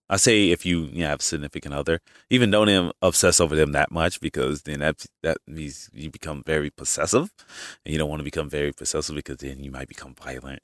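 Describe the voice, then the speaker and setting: Low-voiced man rambling on his podcast. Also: dry recording, clean studio sound. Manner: rambling, with frequent restarts and asides. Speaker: podcast host. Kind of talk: casual opinion monologue.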